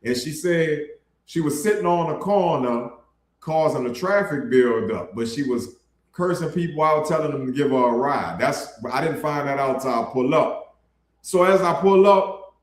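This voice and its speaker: A man's voice: on the high side, moderate pace. Blunt street preacher man, echoey room. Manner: blunt, preachy, colloquial, addresses listeners as bro. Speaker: street preacher hosting an online ministry. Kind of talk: casual street sermon.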